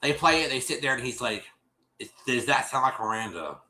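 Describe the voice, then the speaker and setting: A man's voice: mid-range voice, animated, moderate pace, sharp tone. A man hosting a show, casually recapping a reality episode, rambling with many restarts and acting out quotes.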